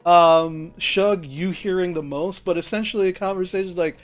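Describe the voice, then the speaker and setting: A man's voice: high voice, steady tone, moderate pace, hardly any pauses, faint music behind. Rambling man as game master. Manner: loose, rambling, swearing narration. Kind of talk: narrating a tabletop game.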